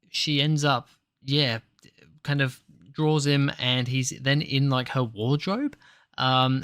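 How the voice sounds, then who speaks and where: A man talks through a TV episode review in a loose, meandering way, often pausing on ums and restarting his sentences. His voice sits at an ordinary middle pitch for a man. The sound is dry and close, with no room echo. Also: fairly bright tone. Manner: hesitant, filler-heavy, rambling. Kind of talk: casual spoken review.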